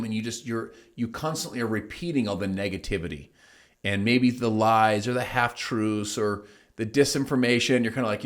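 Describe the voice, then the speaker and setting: Middle-aged male host, low-ish voice, emphatic motivational storyteller. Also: brisk. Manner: storytelling, quotes people in acted voices, emphatic. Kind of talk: motivational monologue.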